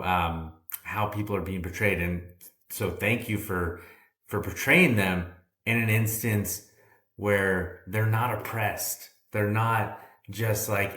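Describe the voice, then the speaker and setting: A man's voice: sits low, a bit bright, roomy sound. A man hosting an interview, telling a long story in a casual, rambling way with frequent "right?" asides. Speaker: podcast host.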